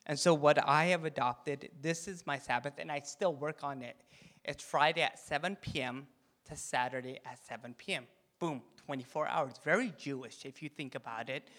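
A pastor, a man, giving an animated, jokey sermon and leading the crowd in call-and-response chants. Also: on the high side, moderate pace. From Korean heritage. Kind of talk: sermon talk.

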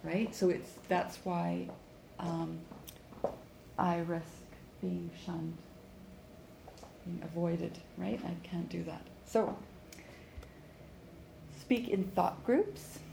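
Low gravelly woman coaching a class. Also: steady tone, very slow, pauses often. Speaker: English conversation teacher. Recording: echoey room with faint background noise.

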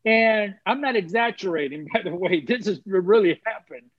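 Earnest high-voiced man giving testimony. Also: animated, moderate pace, breathy edge, no echo, dull audio. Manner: earnest, preacherly, repeats phrases for emphasis. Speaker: guest sharing testimony. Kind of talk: emotional personal testimony.

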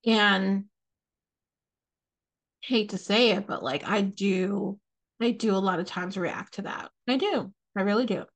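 A woman's voice: mid-range voice, measured pace, pauses often. Young woman venting on her podcast, swears a ton, keeps laughing. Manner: profane, animated, laughing often. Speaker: podcast host. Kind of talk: casual ranting monologue.

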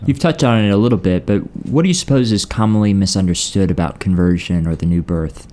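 A man's voice: low-pitched, fast, a little mellow. A man co-hosting a podcast who asks thoughtful questions and adds brief affirmations. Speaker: podcast co-host asking questions. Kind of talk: conversational interview questions.

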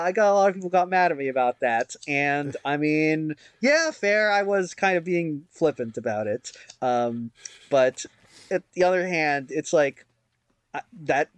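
A man's voice: on the high side, animated, moderate pace, clear, resonant tone, dry recording. A man co-hosting a podcast in casual chat, rambling and self-mocking with lots of fillers and restarts. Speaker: podcast co-host.

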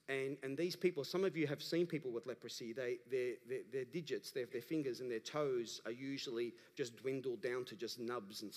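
A man, a pastor delivering an animated sermon that rises to emphatic calls to the congregation. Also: medium pitch. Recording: preached in a large reverberant church hall.

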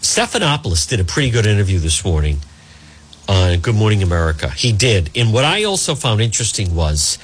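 A talk radio host, a man who rambles through his monologue and calls his listeners folks. His pitch swings up and down as he talks. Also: wildly swooping pitch, brisk, hardly any pauses, a bit bright, breathy edge.

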